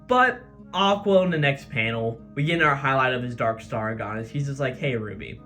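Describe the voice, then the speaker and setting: Brief: a male recap host, chatty and animated, over faint music. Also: medium pitch, normal speed. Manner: chatty, filler-heavy storytelling. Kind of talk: casual chapter recap.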